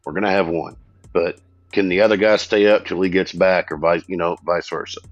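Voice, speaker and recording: A man's voice: low-pitched, steady tone, no echo, muffled recording, soft background music. A man from Texas guesting on a sports podcast, blunt and joking in casual chat. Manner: blunt, joking, drawn-out complaints.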